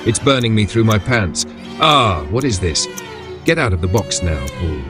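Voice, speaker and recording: A man plays a frantic young man caught in a box, begging through sobs. The voice sits low, with music beneath it in this horror storytelling. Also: very animated, moderate pace. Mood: frightened. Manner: pleading, sobbing, frantic. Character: terrified young man trapped in a magic box. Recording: background music under voice.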